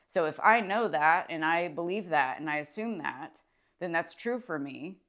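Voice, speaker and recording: A woman's voice: sits low, expressive, normal speed, a bit bright. A woman, a social worker, talking casually and enthusiastically to camera about mindset, rambling with fillers and restarts. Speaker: licensed clinical social worker and mindset vlogger. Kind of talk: casual motivational talk to camera.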